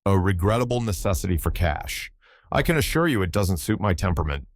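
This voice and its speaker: A man's voice: sits low, expressive, fairly quick, dry recording. A man reading an audiobook, voicing a wry, easygoing young tour guide with a dry, cheerful manner.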